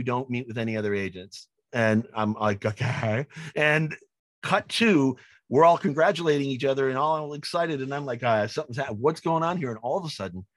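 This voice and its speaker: A man, a film director being interviewed, telling lively anecdotes and acting out the people he quotes. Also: mid-range voice, no room sound. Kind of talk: animated storytelling in an interview.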